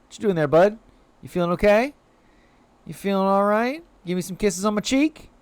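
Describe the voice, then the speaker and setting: A man's voice: sits high, normal speed, smooth, no room sound. A man live-streaming a video game, rambling casually to his chat with many filler words and cooing at the creatures on screen. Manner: animated, rambling, heavy "like" fillers; coos playfully at game creatures.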